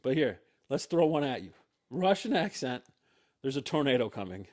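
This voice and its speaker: A man's voice: medium pitch, big pitch swings, moderate pace, darkish tone. A man hosting a podcast in casual chat, teasing and wry as he leads the talk, into a mic on a stand. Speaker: podcast host.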